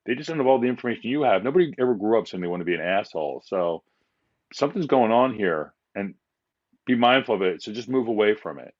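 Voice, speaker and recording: A man's voice: on the low side, expressive, quick pace, dull audio. A man talking as a guest on a podcast, speaking candidly and rambling with frequent fillers and restarts. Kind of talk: casual conversation.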